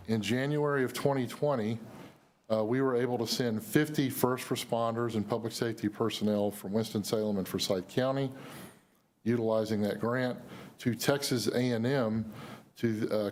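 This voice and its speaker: A hoarse man with a somewhat low voice speaks as an emergency manager at a public news conference. His delivery is measured and official, with many pauses and fillers between phrases. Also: a little mellow, slight background noise. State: losing his voice. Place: city news conference room.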